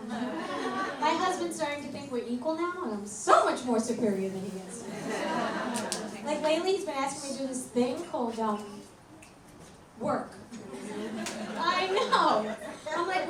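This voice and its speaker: Lady comic in her 40s doing stand-up, high voice, deadpan jokes, echoey club mic from far off with a loud crowd. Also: measured pace, long pauses. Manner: deadpan one-liners with frequent laughs. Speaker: stand-up comedian. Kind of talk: stand-up set. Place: comedy club stage. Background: loud crowd laughter and room noise.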